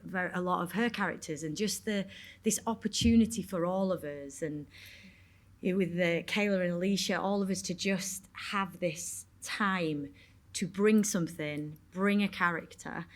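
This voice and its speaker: A woman's voice: lowish voice, normal speed. A woman with a Yorkshire accent speaking frankly on stage at a panel Q&A, rambling and swearing casually. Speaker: actor on a panel. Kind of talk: candid Q&A talk. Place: stage at a cinema event.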